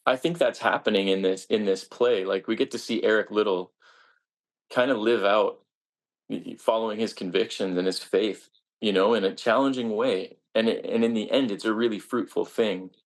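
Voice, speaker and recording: A man's voice: on the low side, fairly even intonation, normal speed. A man, a stage actor, answering interview questions in an earnest, reflective way with frequent restarts.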